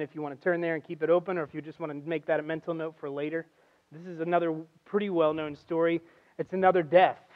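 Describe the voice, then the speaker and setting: A man with a high, light voice preaches a conversational sermon in a church. He tells stories like everyday talk, swings between hushed and loud, and the recording sounds a little dull and lo-fi. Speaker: guest preacher.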